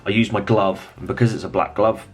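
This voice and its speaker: A man giving a relaxed, rambling hobby painting tutorial, thinking aloud as he works. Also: lowish voice, fairly quick, breathy edge.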